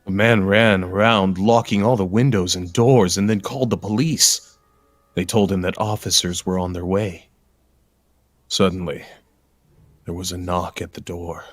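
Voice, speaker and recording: A man reading a scary story aloud to a livestream, in a slow, hushed way. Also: deep voice, fairly even intonation, dry recording. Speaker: stream guest.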